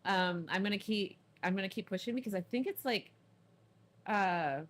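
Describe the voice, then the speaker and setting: A woman's voice: mid-range voice, normal speed. A woman chatting playfully and giggling while she plays a video game on stream, humming along and cheering her characters on. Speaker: let's play streamer. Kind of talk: casual gameplay commentary.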